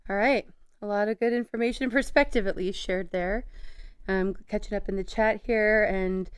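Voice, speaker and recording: A woman hosting a live podcast, talking in a thoughtful, measured way and picking up comments from the chat. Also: medium pitch, fairly even intonation, smooth, dry recording. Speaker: podcast host. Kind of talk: casual live podcast talk.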